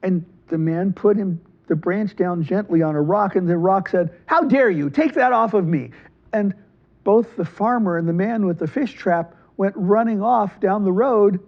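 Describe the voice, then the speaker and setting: High-voiced lively male storyteller. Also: muffled recording. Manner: lively, animated, switches into quick character voices. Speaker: library storyteller. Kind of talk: storytelling for children.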